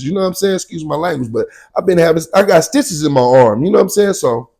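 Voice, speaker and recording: A man casually telling a personal story in slang, often saying "you know what I'm saying" and loudly acting out shouted quotes. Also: fairly high pitch, animated, fast, gravelly, few pauses, husky.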